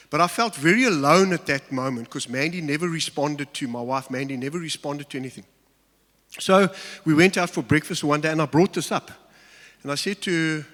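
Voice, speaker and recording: Male preacher, candid and halting in personal stories, raised pitch, reverberant hall sound. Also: a bit bright. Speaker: pastor. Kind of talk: sermon. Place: large church hall.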